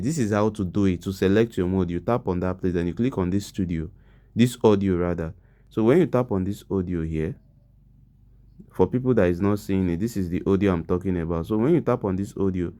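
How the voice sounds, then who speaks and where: A man, walking viewers through a software tutorial step by step and checking often that they follow along. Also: deep voice. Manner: explains step by step, asks viewers questions often. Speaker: tutorial host. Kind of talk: screen-recorded tutorial walkthrough.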